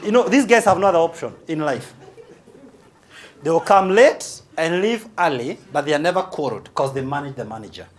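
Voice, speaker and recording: A man's voice: a little high, lively intonation, brisk. A man with a Kenyan accent giving a humorous conference speech, teasing and provocative in a large hall. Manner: teasing, punchy, playfully provocative. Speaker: motivational speaker. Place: large hall with a live audience.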